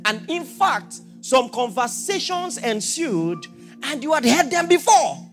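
A man preaching a sermon as pastor, asking rhetorical questions and swinging from quiet talk to shouted declarations. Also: extremely high pitch, very animated, slow, soft background music.

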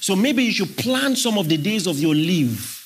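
Male pastor, high-pitched and husky, emphatic sermon delivery with rhetorical questions. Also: very animated, normal speed. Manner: emphatic preaching, questions to the congregation.

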